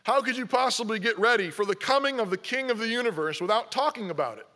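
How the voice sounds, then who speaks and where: Male pastor, high bright voice, preaching with insistent repeated questions. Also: animated, fast. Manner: exhorting, repeats rhetorical questions. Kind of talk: sermon.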